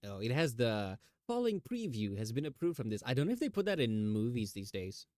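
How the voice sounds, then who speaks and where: A male streamer chatting at a mid pitch, talking in a yappy, lively way and slipping into quick put-on voices as he tells stories. He sounds close to the mic with a dry sound and no room echo. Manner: chatty, animated storytelling with mimicked voices. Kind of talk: casual chat.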